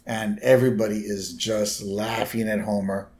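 A man's voice: fairly low pitch, flat delivery, moderate pace, darkish tone. A man co-hosting a podcast, casually retelling a cartoon episode and adding wry asides. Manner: wry asides, adds commentary to the plot. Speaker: podcast co-host.

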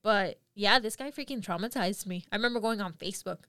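A young woman co-hosting a podcast, telling work stories in casual chat, animated and laughing often. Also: mid-range voice, fast talker, clear, resonant tone, dry recording, clean studio sound. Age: young adult. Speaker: podcast co-host.

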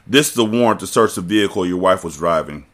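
A man's voice: low voice, expressive, fast, fairly bright tone. A man voicing a smug male federal agent who speaks in a formal, taunting way in an audiobook reading.

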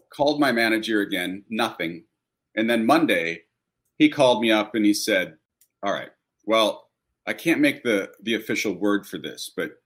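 A man's voice: fairly low pitch, fairly bright tone. A man telling a casual, wry anecdote about an audition. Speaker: actor guest on a panel.

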